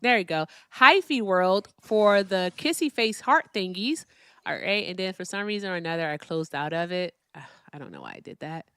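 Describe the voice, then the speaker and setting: A woman's voice: on the low side, big pitch swings, normal speed, sharp tone, clean tone, no echo. A woman from Virginia with a Midwestern accent hosting a casual livestream, chatting and thanking viewers for their gifts. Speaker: livestream host.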